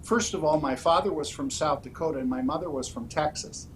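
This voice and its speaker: A man in a candidate interview who answers in a measured, orderly way, often pausing on "uh" between points. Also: on the high side, a little hiss or hum, low-quality recording. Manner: measured, orderly, with frequent "uh" fillers. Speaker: political candidate.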